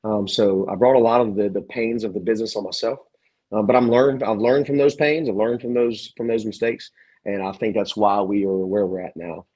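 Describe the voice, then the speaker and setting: Gym owner guest, male, low and husky, earnest and reflective, halting delivery. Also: fairly even intonation, mellow. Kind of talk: casual interview conversation.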